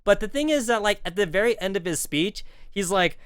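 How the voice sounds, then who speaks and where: Lively, rambling man streamer. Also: high-pitched, fairly quick, hardly any pauses, clean tone, dry recording, studio quality. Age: 30s. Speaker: game streamer. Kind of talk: casual storytelling on stream.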